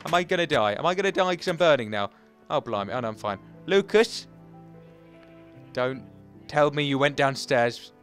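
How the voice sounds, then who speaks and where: A young man giving excitable, chatty, self-mocking commentary while playing a video game. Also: medium pitch, normal speed, soft background music. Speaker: gaming channel host. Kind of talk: Let's Play commentary.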